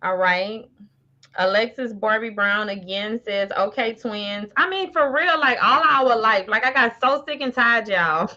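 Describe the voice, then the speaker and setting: Woman, livestream host, slow unhurried delivery, bright voice, muffled lo-fi audio. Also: a little high. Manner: laughs often, calls people honey and baby. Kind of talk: casual live chat reading comments.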